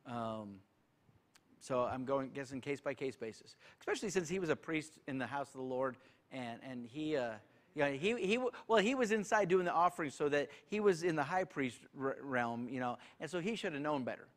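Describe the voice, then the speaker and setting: A man's voice: medium pitch, fairly quick. A male pastor, leading a church Q&A in a folksy, joking way. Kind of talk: church Q&A teaching.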